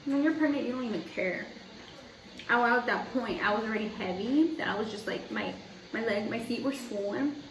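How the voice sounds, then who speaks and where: Young woman vlogger, fairly high voice, chatty rambling storyteller; roomy echo, mic set back from her. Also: moderate pace, slight background noise. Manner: chatty, rambling, heavy use of "like". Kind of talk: casual storytelling. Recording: echoey room, mic at a distance.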